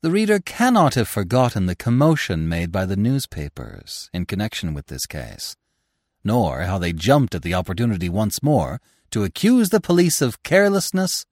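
A man narrating a classic story for an audiobook podcast, in an expressive, theatrical way. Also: mid-range voice, no echo, studio quality. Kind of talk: dramatic audiobook reading.

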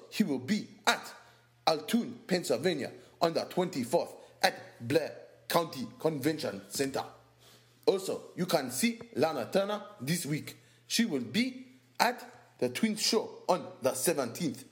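A man reading out a list of dates and places in a put-on voice, slow and formal. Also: fairly high pitch. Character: man in a put-on African voice, cheerful announcer.

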